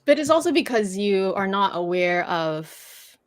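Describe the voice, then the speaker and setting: A French-native woman patiently teaches pronunciation during a casual livestream chat, her medium-pitched voice sing-song and measured. She explains things at length, often restarting as she goes.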